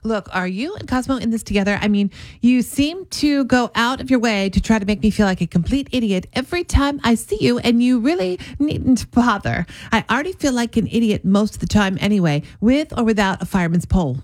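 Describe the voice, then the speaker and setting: A woman's voice: a little high, animated, fairly quick, a little mellow, dry recording, lightly acted. A woman playing a flustered, self-deprecating young British woman, with a put-on British accent. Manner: defensive, rambling, self-deprecating.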